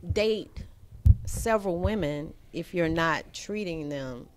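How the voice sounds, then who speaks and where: Low-voiced woman host asking questions. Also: lively intonation, slow pace, slight background noise. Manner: probing questions, laughs easily. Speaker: talk show host. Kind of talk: casual relationship chat.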